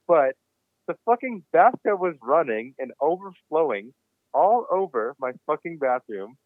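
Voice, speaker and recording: Man, podcast guest, swearing, animated storyteller, tinny phone-like line, dry sound. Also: on the high side, a little slow, no echo. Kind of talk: casual storytelling.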